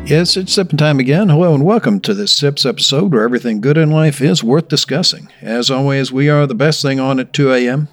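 A man's voice: mid-range voice, a little fast, few pauses, faint music behind. Joking male podcast host. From American South. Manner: jokey, self-deprecating banter. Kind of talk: casual chat.

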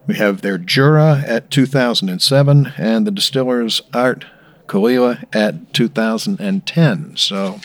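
A man's voice: fairly low pitch, unhurried, dry recording. A man hosting a drinks tasting show, reading sponsors and the lineup in a casual joking way. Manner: joking, reads sponsor spots. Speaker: show host.

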